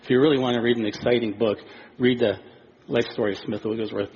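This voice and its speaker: A male pastor preaching a sermon, animated and acting out little scenes of dialogue. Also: medium pitch, fast, husky. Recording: dull lo-fi recording with faint noise.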